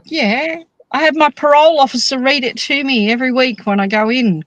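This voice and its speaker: A woman's voice: high-pitched, a little fast, a bit bright, no echo, muffled recording. A woman co-hosting a casual knitting chat, joking and teasing, talking from a parked car. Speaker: podcast co-host.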